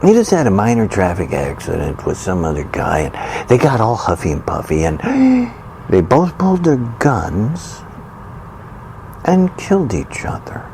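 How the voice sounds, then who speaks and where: A man's voice: fairly low pitch, huge pitch swings, normal speed, vocal fry, darkish tone, slight background noise. Indignant sarcastic man ranting. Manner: indignant, sarcastic, mocks opponents with exaggerated sighs and gasps; repeats phrases for emphasis, loose and conversational. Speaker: commentator. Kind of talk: political opinion rant monologue.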